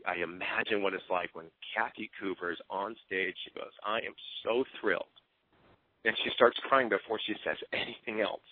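Husky earnest man on a phone line. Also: fairly low pitch, no echo. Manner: earnest and openly emotional. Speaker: team coach. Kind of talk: motivational talk. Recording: tinny phone-line sound.

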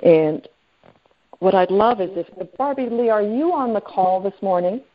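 Over a tinny phone line, a woman leads a sales training session on a conference call. Her mid-range voice has lively intonation and a moderate pace, and she chats along with plenty of fillers, often checking in with the group through friendly questions.

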